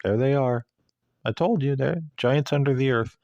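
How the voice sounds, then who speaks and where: A man voicing a calm, matter-of-fact woman filming a hole in a dry riverbed, in a smug singsong mimicry. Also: medium pitch, normal speed, gravelly, no room sound, lo-fi sound, voice pushed up, natural voice. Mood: mock calm.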